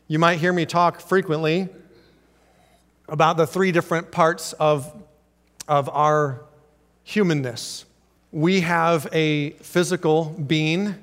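A male pastor delivers a sermon with a high voice in an animated way, acting out short voices and drawing out words for emphasis. His voice rings with the long echo of a large hall.

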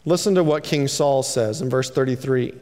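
A man's voice: mid-range voice, normal speed, warm tone, in a large hall. A man preaching a sermon, telling stories and acting out the lines of the people he quotes. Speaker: pastor.

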